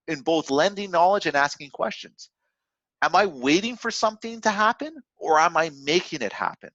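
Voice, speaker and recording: A trading educator with a fairly high, slightly bright voice gives a casual motivational talk about trading. The recording is dry, dull and lo-fi, and he rambles with many fillers and restarts.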